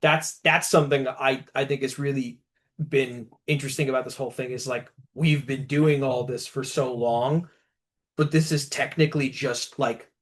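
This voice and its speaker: Animated guitarist telling studio stories. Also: male voice, medium pitch, normal speed. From United States. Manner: animated storyteller, often acting out quotes in raised voices. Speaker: guitarist in a guest band. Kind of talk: casual interview chat.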